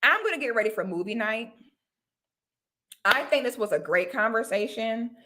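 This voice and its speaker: A woman's voice: fairly high pitch, lively intonation, normal speed, sharp tone. A young woman, hosting a livestream and delivering a heated, profane commentary in emphatic bursts. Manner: emphatic, profane, rants in rising outbursts. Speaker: livestream host.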